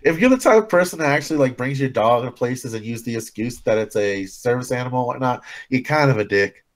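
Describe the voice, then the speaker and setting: Quick, blunt man ranting. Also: mid-range voice, animated. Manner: blunt, swearing. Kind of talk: casual chat.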